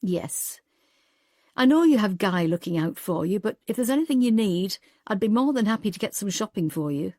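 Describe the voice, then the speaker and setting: A weary woman detective speaks earnestly with a wry, tired edge, as a woman narrator voices her. The voice is warm and mellow, recorded close and dry. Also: medium pitch, expressive, moderate pace, no room sound, natural voice. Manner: earnest, wry and a little tearful.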